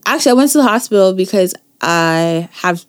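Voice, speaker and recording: Young woman podcast host, super expressive, voice jumps all over when she quotes people, mid pitch. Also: fairly quick. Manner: animated storyteller, acts out quotes, laughs often. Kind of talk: casual chat.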